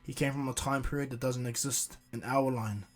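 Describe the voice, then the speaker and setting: Vegeta, a gruff proud warrior dad as a man voices him. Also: mid-range voice, steady tone, fairly quick, natural voice. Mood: calm, stern. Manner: barking, bossy. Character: proud gruff male alien warrior father.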